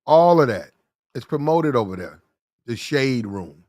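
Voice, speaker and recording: A man hosting a commentary show, ranting bluntly with profanity, repeating lines for emphasis and getting loud and fast when worked up. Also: mid-range voice, expressive, no echo, clean studio sound. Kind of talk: heated commentary rant.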